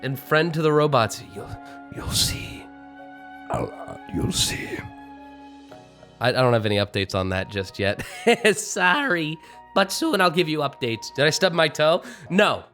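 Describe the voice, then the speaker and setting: A male streamer and voice actor, very animated and speaking at a normal pace, rambles about voice acting on a live stream while teasing himself and erupting into laughter. His voice is a little high and a bit bright, recorded on a streaming mic with soft music behind him.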